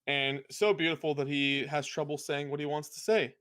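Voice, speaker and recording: A man's voice: fairly high pitch, normal speed, fairly bright tone, clear, resonant tone. A man co-hosting a podcast, chatting casually and playfully telling jokes. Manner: playful, laughs at his own jokes. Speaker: podcast co-host.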